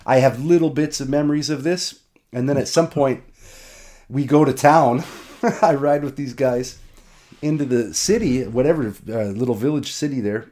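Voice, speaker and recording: Male podcast host, casual and rambling, mid-pitched voice, laughs easily. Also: normal speed, darkish tone. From United States. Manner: loose, rambling storytelling with frequent laughter. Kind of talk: casual conversation.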